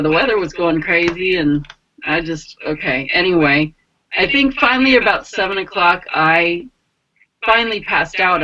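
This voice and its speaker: Woman rambling thru a story, lots of like and you know, bright voice, kinda muffled lo-fi sound. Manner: animated, acts out quotes with big pitch jumps. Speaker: spiritual mentor and energy healer. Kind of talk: casual personal storytelling.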